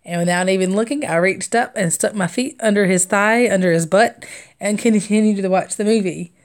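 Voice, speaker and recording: Chatting a little fast in a medium-pitched voice, a young adult craft streamer rambles through stories while she stitches. She laughs often and leans on fillers.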